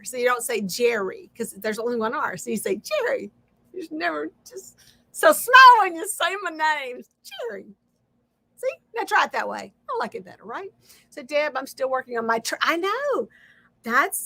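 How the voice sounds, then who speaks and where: A woman's voice: a little high, sharp tone, no echo. A middle-aged woman hosting a casual craft livestream, chatting straight to viewers and laughing often.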